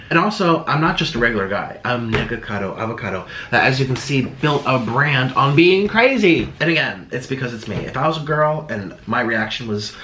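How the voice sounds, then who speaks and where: A man's voice: medium pitch, slight background noise. Ranting man in an echoey room. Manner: animated, sarcastic, mocking voices of others. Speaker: vlogger. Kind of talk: casual rant to camera.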